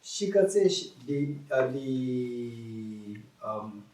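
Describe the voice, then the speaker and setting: A man's voice: mid-range voice, lively intonation, extremely slow, mellow, far from the mic. A man teaching a retreat class in a hall, often checking whether the students follow and repeating his points. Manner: questioning, repeats himself, laughs with students. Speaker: Buddhist teacher. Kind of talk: dharma teaching with questions to students. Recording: echoey hall, voice off-mic.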